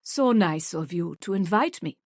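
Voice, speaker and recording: A woman's voice: on the low side, lively intonation, a little slow, a little mellow, dry recording, clean studio sound. A woman doing a charming woman with a slight German accent. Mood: friendly. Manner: friendly and charming.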